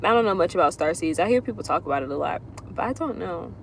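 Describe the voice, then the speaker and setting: A woman's voice: lowish voice, expressive, fast talker, gravelly, slight background noise. A woman astrologer chatting casually on a livestream, answering viewer questions in a loose, rambling way that drifts in circles. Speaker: astrologer doing readings.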